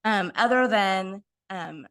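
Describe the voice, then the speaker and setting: A woman city council member giving her report in the council chamber, in a loose and halting way. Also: medium pitch, fairly bright tone.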